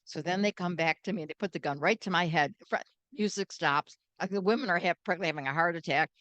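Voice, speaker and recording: An older American woman, a guest, telling animated stories and acting out the voices in them. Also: fairly low pitch, fast talker, no room sound, muffled recording. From United States. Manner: animated, acts out quoted voices. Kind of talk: storytelling interview.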